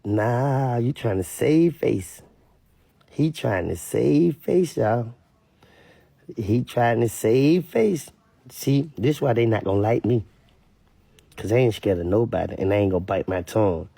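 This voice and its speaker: Louisiana man, blunt emphatic commentator, husky and gravelly, dry close sound. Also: medium pitch, animated, measured pace, dark tone, dry recording. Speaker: online commentator. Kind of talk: casual commentary rant.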